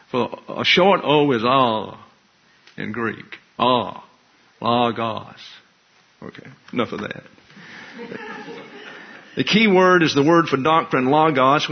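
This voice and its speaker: A man's voice: mid-range voice, slightly rough. A man pastor giving an expository sermon, teaching in a wry, conversational way with asides. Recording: dull lo-fi recording.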